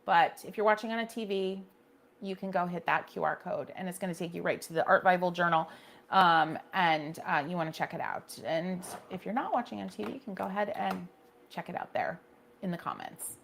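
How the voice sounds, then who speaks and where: A woman's voice: fairly low pitch, a little fast, vocal fry, a bit bright. Chatty woman hosting a painting livestream. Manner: chatty, reacts to viewer comments, restarts sentences often. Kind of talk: casual livestream chat with viewers.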